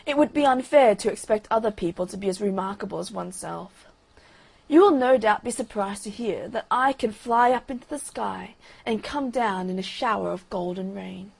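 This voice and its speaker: A conceited male firework rocket holds forth in a grand, self-admiring tone, as a woman puts him on. The voice is gravelly and husky, at a middle pitch. It is a storybook figure who talks down to everyone around him. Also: moderate pace. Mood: haughty. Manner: pompous, self-admiring, loud declaiming. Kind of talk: bedtime story reading.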